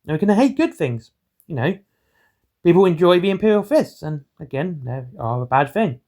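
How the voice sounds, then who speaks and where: A man, hosting his own hobby channel in a monotone, rambling way of talking. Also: on the high side, moderate pace. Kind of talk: rambling solo commentary.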